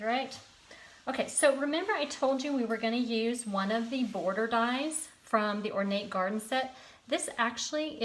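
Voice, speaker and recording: A woman leading a live card-making tutorial, chatty and encouraging, greeting viewers by name. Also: on the high side.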